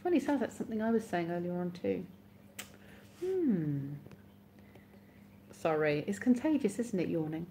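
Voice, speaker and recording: A woman with a low-pitched, mellow voice chats casually with viewers on her live stream. She sounds sleepy and keeps yawning, but stays giggly and pokes fun at herself, with a faint hiss of noise behind her. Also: very animated, normal speed, long pauses. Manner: chatty, giggly, self-mocking.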